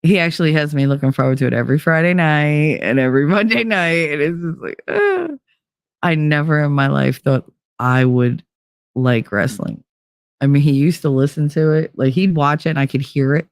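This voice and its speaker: A woman's voice: low voice, normal speed, dry recording, clean studio sound. Candid, cussing woman podcaster. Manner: candid, animated, swears freely. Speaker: podcast host. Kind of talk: casual monologue.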